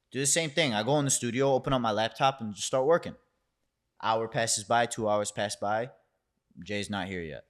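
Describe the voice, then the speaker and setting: A young man, a founder and podcast guest, telling a story in casual conversation, swearing freely and acting out what others said. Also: mid-range voice. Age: young adult. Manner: animated storyteller who curses freely and acts out quotes.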